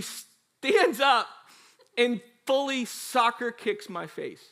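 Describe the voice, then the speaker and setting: A man's voice: extremely high pitch, very slow. A man preaching a sermon as a pastor, telling a story in a chatty way, acting out quotes and talking straight to the congregation. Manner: animated storytelling with acted quotes; chatty, addresses the congregation directly.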